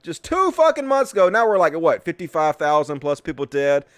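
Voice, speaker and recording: A man's voice: a little high, big pitch swings, brisk, clean tone, no echo, clean studio sound. A man hosting a political talk show, ranting with sarcasm and lots of swearing. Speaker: host.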